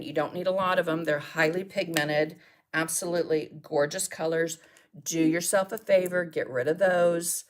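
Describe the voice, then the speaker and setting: Chatty lower-voiced woman demonstrating crafts. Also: a little hiss or hum. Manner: chatty and rambling, thinks aloud, answers viewer comments. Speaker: mixed media artist and host.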